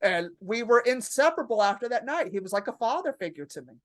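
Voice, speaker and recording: A middle-aged woman comedian telling stories as a podcast guest, profane and animated, acting out the voices of the people she quotes. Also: a little high, quick pace. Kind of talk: casual storytelling in a podcast interview.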